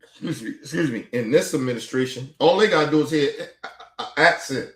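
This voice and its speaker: A man's voice: on the high side, animated, a little fast. Exasperated man ranting in an echoey room. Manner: profane, exasperated rant. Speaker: streamer and commentator. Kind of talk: casual reaction commentary.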